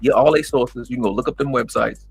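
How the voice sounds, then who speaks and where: A man's voice: medium pitch, quick pace, gravelly, breathy edge, soft background music. A man hosting a livestream, ranting angrily and mocking his critics with heavy profanity. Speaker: livestream host. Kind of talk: angry ranting monologue.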